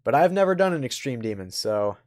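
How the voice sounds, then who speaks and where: A man's voice: mid-range voice, big pitch swings, fairly quick, darkish tone, no room sound, studio quality. Chatty young male game streamer. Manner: chatty, joking, talks to himself and chat. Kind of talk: casual livestream chat while playing.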